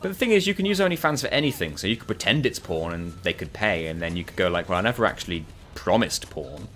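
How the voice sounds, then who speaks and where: A man's voice: on the low side, expressive, fast talker, a bit bright, slight background noise. A man co-hosting a gaming channel, chatting casually over co-op gameplay and telling rambling stories with acted-out quotes. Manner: rambling, storytelling, acts out quoted voices. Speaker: co-host.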